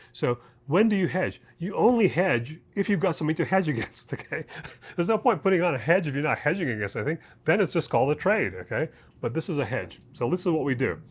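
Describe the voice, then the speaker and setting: A man who co-founded a trading education service, explaining an idea in a casual, chatty way, often checking in with "okay?" and "right?". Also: fairly high pitch. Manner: uses homely examples and jokes. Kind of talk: casual explainer talk to camera.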